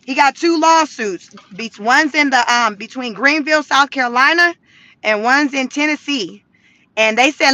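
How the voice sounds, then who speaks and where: A woman from the Southern US with a Southern accent, chatting to viewers in an animated, slangy commentary. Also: high voice, normal speed, no echo. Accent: Southern American. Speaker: commentary vlogger.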